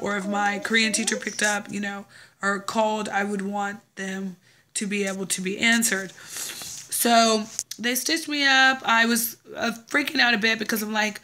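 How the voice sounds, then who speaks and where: Bright chatty young woman vlogger. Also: mid-range voice. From Texas, USA. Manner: chatty, many fillers and restarts. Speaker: vlogger living abroad. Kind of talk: casual storytelling vlog.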